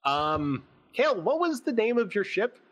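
A man voicing a brisk male starship captain who gives orders in a commanding way. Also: high-pitched, big pitch swings, fairly bright tone, pitched above the performer's own voice, heavily acted.

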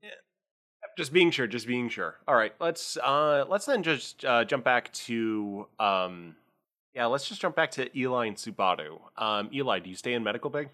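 A man's voice: medium pitch, animated, normal speed, bright, forceful tone. A man running a tabletop game as game master, narrating with a rambling, filler-heavy manner.

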